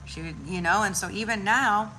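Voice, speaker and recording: A woman's voice: mid-range voice, moderate pace, slight background noise. A woman chatting casually about spirituality, loose and slangy, swearing freely and acting out little voices as she tells stories. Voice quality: animated storytelling with voices. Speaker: spiritual content creator.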